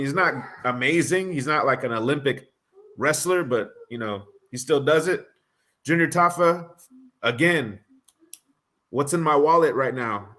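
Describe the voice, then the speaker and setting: A man's voice: a little high, fairly bright tone. A man co-hosting a fight prediction stream, casually reading out fighter statistics and weighing his pick. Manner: analytical, rattles off fight stats. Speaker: co-host of a fight prediction show. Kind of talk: casual live-stream chat.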